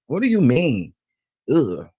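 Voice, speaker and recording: A man's voice: mid-range voice, wildly swooping pitch, slow pace, warm tone, husky, no echo. A man hosting a celebrity gossip show in casual, sassy commentary, repeating phrases for emphasis and talking straight to his viewers. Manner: addresses viewers as "y'all". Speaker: host of a celebrity gossip channel.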